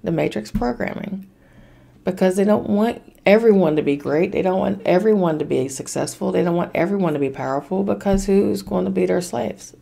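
Low, mellow-voiced woman podcaster. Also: vocal fry. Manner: blunt and emphatic, swears freely, repeats commands. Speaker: podcast host. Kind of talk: casual spiritual self-help talk.

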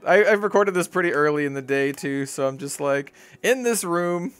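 A young man hosting a card-opening video in a small hot room, rambling and excitable, talking about being sweaty and needing to calm down. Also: on the high side, normal speed, smooth, faint music behind. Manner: excitable, rambling, lots of "dude" and "like". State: sweaty and worked up. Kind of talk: casual case-opening commentary.

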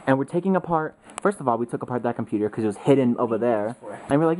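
A young woman vlogging with friends, excitable and swearing a lot. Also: rumbling low, rapid-fire, slight background noise, low-quality recording. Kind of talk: casual vlog chat. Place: indoors with friends.

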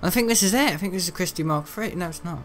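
Racing along in a voice that sits high, a teenage gaming host rambles and chats through his let's-play. He laughs often as he plays.

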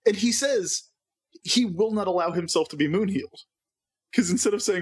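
A man's voice: high-pitched, lively intonation, moderate pace, pauses often, breathy edge. A man co-hosting a podcast, recapping a cartoon episode in a wry, joking way. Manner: wry, joking, summarizing plot. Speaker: podcast co-host. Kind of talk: casual chat.

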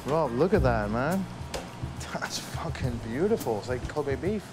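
A man's voice: mid-range voice, expressive, a little slow, music in the background. A man working as a head chef, talking intensely and swearing as he barks orders. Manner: intense, profane, barking orders. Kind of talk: documentary interview and kitchen shouting. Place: restaurant kitchen.

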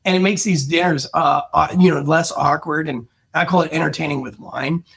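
A man on a podcast talking about pairing wine with food, casual and animated, with frequent swearing. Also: fairly quick, gravelly, slightly rough. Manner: animated, swearing, acts out guests in a high voice. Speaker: wine guest.

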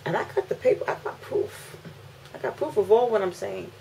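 A woman, ranting to camera as a mother, indignant and repeating phrases for emphasis, swinging between loud outbursts and low, weary lines. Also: a little fast, creaky, slight background noise, rough recording. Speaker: mother making a video complaint. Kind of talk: emotional rant to camera.

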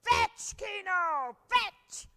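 A woman voicing an excitable young boy in a live children's storytelling session. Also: slow pace, full character voice. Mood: excited. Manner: high, eager, shouting.

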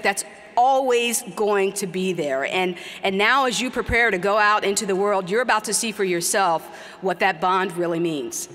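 A woman's voice: mid-range voice, fairly bright tone. A middle-aged woman giving an earnest, emphatic commencement speech. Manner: earnest, emphatic with slow, repeated exhortations. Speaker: commencement speaker. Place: large hall. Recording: long hall reverb.

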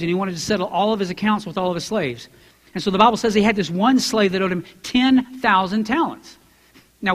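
A man preaching a sermon as a pastor, acting out Bible characters in quoted voices and building to loud, emphatic preaching. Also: sits high, long reverb tail. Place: church sanctuary.

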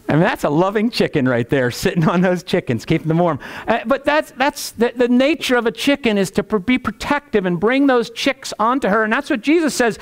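A man preaching a sermon as pastor, animated, with folksy asides and chuckles. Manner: animated preaching, rising pitch on rhetorical questions.

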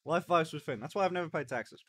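A man's voice: fairly high pitch, fast, background noise. A man streaming live in casual chat, joking, swearing and eating on camera. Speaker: livestreamer.

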